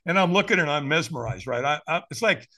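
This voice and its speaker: Male American podcast guest, firewalk instructor; bright, fairly high voice, animated storyteller who acts out quotes. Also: fast. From United States. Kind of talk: storytelling in a conversation.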